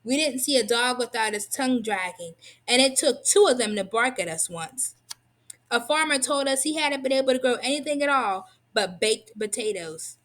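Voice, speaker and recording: A woman reading a children's tall tale aloud. Her storytelling is expressive and lively. Her voice sits a little high. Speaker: reader.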